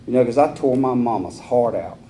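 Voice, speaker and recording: Give me a mellow-voiced Southern man sharing his recovery story, plainspoken and joking, with a faint hum of the room behind. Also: mid-range voice, lively intonation, brisk. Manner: folksy, rambling storyteller with rough humor. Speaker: AA meeting speaker. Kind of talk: personal recovery talk.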